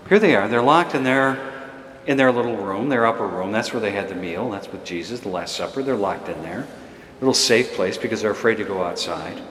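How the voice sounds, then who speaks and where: A man preaches in a loose, storytelling way and laughs now and then. His voice sits on the low side. It carries through a large hall with a long, roomy echo. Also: slight background noise. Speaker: priest. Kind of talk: sermon. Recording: echoey church hall.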